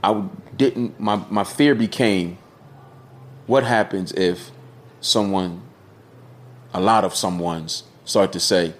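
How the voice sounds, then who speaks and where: A man's voice: low voice, takes it slowly, long pauses. A middle-aged man, a podcast guest, talking candidly and casually with slang, swearing now and then. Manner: candid, storytelling, peppered with slang and cussing.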